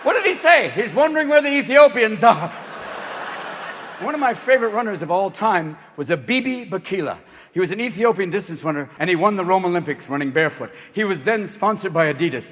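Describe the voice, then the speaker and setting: Manic, high-voiced man doing stand-up. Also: lively intonation, a little fast, a faint crowd. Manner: manic, profane, jumping into voices and shouts. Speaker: stand-up comedian. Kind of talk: stand-up comedy routine. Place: theater stage with live audience. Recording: reverberant hall, live audience.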